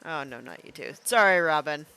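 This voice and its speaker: A young woman streaming a game, chatting playfully and thinking out loud with plenty of fillers. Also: deep voice, animated, a little fast, clear, resonant tone. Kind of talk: casual live-stream game commentary.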